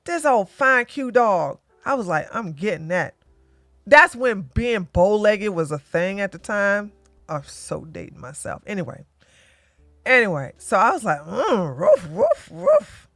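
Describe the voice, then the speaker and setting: A woman's voice: mid-range voice, expressive, unhurried, a bit bright, no echo. A woman in her forties hosting a livestream, blunt and joking as she comments and tells stories. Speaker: livestream host. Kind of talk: casual commentary and storytelling.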